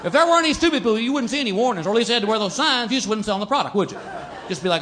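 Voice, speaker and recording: A man's voice: high-pitched, expressive, racing, a bit bright. A man with a Texan accent performing a stand-up comedy routine, drawling through stories and acting out dumb characters before a live audience. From Texas. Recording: live show with crowd laughter and noise.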